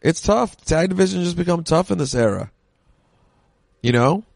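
A man's voice: on the high side, expressive, normal speed, vocal fry, no room sound. A man co-hosting a podcast, chatting casually and jokingly while watching an old wrestling match, with rambling asides. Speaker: podcast co-host.

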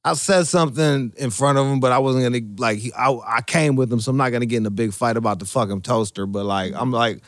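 A man's voice: mid-range voice, fairly even intonation, fast talker, few pauses, dry recording, clean studio sound. A man telling a crude story in casual chat, profane and rambling, full of fillers and restarts. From Michigan. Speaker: storyteller guest.

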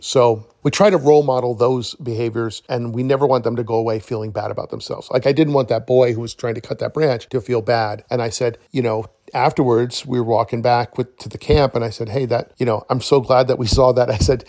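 A middle-aged man speaks in a loose, rambling storytelling way and slips in quick chuckles as he acts out what people said. His voice sits at an ordinary middle pitch. The recording is close and dry, with no room echo. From East Coast of North America. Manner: relaxed, rambling, retells dialogue with chuckles. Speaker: forest educator, podcast host. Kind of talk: casual storytelling monologue.

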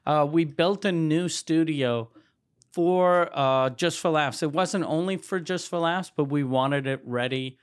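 A man's voice: on the high side, measured pace, clear, resonant tone. A man co-hosting a podcast, chatting casually, teasing and bantering with his partner. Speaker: podcast co-host. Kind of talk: casual chat.

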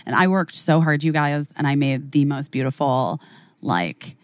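Woman host from Chicago, lower register, animated rambling storyteller, dry close mic. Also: moderate pace, no room sound. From Chicago, USA. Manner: animated storyteller, heavy "like" fillers, casual swearing. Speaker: podcast host. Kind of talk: casual podcast chat.

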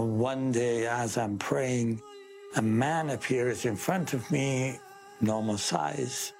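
A middle-aged man from Iran with an Iranian accent, telling his story earnestly in an interview. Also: medium pitch. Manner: slow, earnest, emphatic storytelling. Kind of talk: testimony interview.

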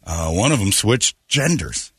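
A man hosting a morning radio show, telling jokey stories with loud put-on impressions. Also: fairly low pitch, very animated, a little slow, slightly rough, no echo. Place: radio studio.

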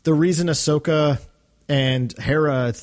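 A man's voice: fairly high pitch, steady tone, measured pace. A man co-hosting a fan podcast, talking enthusiastically with many fillers and restarts. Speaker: podcast co-host. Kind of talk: casual fan podcast discussion.

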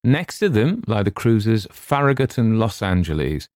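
A man voicing a confident young army officer who lists facts briskly in a read story. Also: lowish voice, big pitch swings, a little mellow, no room sound, studio quality, pitched above the performer's own voice. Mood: informative.

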